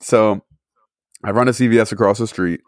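A young man hosting a podcast, telling a story in casual, profanity-heavy chat with animated rants. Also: fairly low pitch, normal speed, dry recording, studio quality. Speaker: podcast host.

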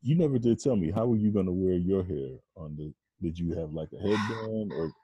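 A man's voice: low-pitched, fairly quick, slightly rough, no echo, lo-fi sound. A man co-hosting a podcast, asking teasing questions in casual chat.

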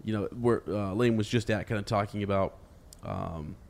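A man's voice: on the low side, normal speed, vocal fry, darkish tone. A man in a casual book discussion who teases, laughs easily and reads passages aloud with many fillers.

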